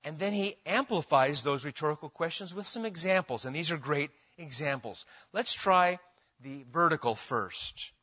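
A man's voice: on the high side, expressive, moderate pace, pushed and bright, lo-fi sound. A man preaching an expository sermon as pastor, emphatic and asking his congregation questions as he goes.

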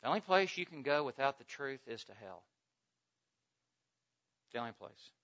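A man preaching an expository sermon with an emphatic, repetitive cadence, swinging from hushed lines to loud ones. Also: medium pitch, very animated, moderate pace. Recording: dull lo-fi recording.

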